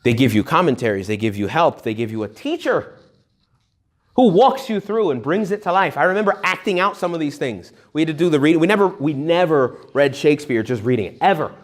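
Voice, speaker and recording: A man with a slightly high voice talks fairly quickly at a retreat for young adults. His talk is humorous and animated, full of jokes and little acted-out quoted voices.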